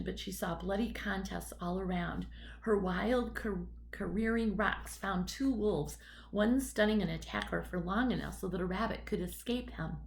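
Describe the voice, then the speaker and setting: A woman reads a storybook aloud in a steady, measured way. Her voice sits at a middle pitch, with a gravelly fry running through it. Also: slight background noise, rough recording. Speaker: audiobook narrator. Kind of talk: scripted narration.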